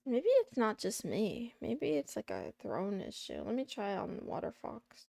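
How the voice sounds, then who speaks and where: A woman's voice: medium pitch, huge pitch swings, unhurried, gravelly, mellow, no echo, studio quality. A woman streaming from her desk at home, chatting casually and playfully and teasing her chat. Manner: playful, teasing chat, meowing between remarks.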